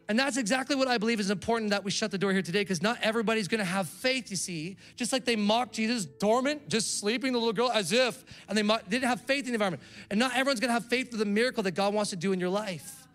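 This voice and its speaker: High-voiced preacher. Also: male voice, a bit bright. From Canada. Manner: conversational preaching with call-outs to the congregation. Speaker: pastor. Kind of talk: sermon.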